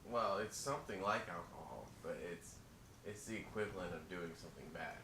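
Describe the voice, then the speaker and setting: A man's voice: low voice, fairly quick. A man playing in a tabletop game, chatting eagerly in a casual way. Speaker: player. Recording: echoey room with noise.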